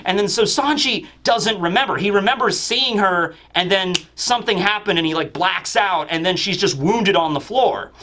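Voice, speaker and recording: A man's voice: sits high, expressive, moderate pace, few pauses, bright, forceful tone, a little hiss or hum. A man casually retelling a manga chapter, rambling and full of fillers. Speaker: manga reviewer, channel host. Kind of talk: casual recap commentary.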